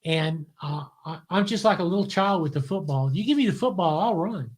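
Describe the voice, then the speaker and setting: An older man, a guest on an interview show, telling stories in a lively way and voicing the people he quotes. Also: fairly high pitch, fairly quick, husky. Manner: animated storyteller, voices the people he quotes. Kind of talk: casual storytelling interview.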